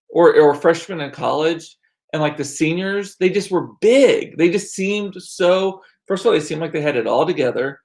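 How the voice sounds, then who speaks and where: A man's voice: on the high side, moderate pace, gravelly. A man in his forties chatting casually with his stream viewers, telling rambling stories full of asides and restarts. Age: 40s. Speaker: livestream host reading chat.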